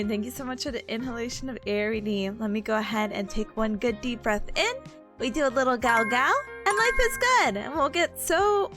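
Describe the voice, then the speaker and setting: A woman's voice: a little high, fairly bright tone. A woman streamer chatting live with her viewers, bubbly and giggly, rambling as she goes.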